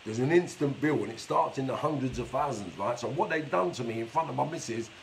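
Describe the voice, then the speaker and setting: A man's voice: mid-range voice, expressive, brisk, vocal fry, very noisy. A man telling his life story on a live stream in a blunt, streetwise way, swearing constantly. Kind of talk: casual storytelling monologue. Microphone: phone or webcam for a live stream.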